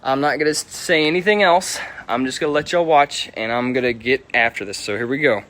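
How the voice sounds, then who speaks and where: A middle-aged man hosting a live stream, hyped and energetic, greeting viewers by name and repeating himself as he talks. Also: medium pitch, brisk. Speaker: auto detailer hosting a livestream.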